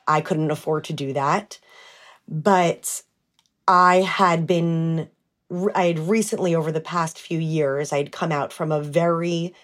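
American woman, 30s, founder in interview; lower pitch, lively storyteller. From United States. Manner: animated, acts out quoted dialogue with fillers. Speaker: brand founder.

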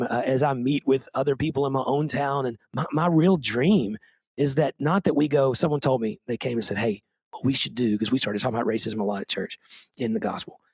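A man's voice: mid-range voice, darkish tone, breathy edge, dry recording. A man who is a pastor, talking earnestly and self-deprecatingly in a podcast conversation, often restarting his sentences. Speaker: pastor and book co-author.

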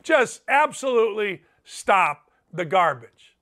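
Middle-aged male sports host, ranting and profane, high-pitched and edgy tone. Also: very animated, slow, sharp tone. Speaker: sports talk show host. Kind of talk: opinionated podcast monologue.

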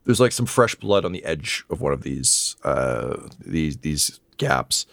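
A man's voice: rumbling low, sing-song, measured pace, gravelly, a bit bright, no echo. A man running a tabletop game podcast as game master, narrating and joking in a rambling way with many fillers.

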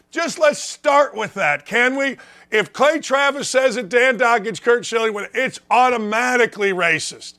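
A man's voice: extremely high pitch, pushed and bright. A man from Indiana hosting a sports talk show, delivering a blunt, sarcastic, opinionated rant. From Gary, Indiana, US.

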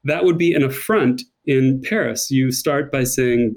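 A man's voice: medium pitch, measured pace, darkish tone. An American man speaking as a guest in an interview, effusive and enthusiastic, often repeating words as he searches for them. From United States. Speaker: guest, author and designer. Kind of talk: interview conversation.

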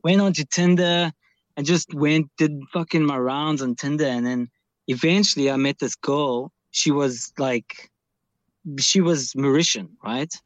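A man's voice: a little high, a little slow, no echo. A young man calling in, telling a long story in a rambling way with heavy swearing and many restarts. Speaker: caller. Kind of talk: casual storytelling.

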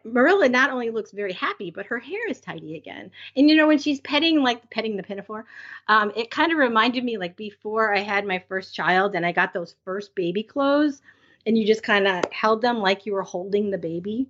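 Husky woman podcaster with lo-fi sound. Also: mid-range voice, animated, fairly quick, a bit bright. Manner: conversational, many fillers. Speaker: podcast co-host. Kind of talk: casual recap chat. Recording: dull lo-fi sound.

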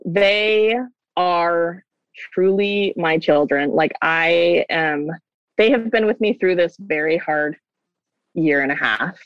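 A woman's voice: on the low side, takes it slowly, clean tone, dry recording. A woman guest talking casually and rambling a little, with plenty of fillers, in an interview. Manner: chatty, rambling, with many fillers. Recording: dull, dry remote recording.

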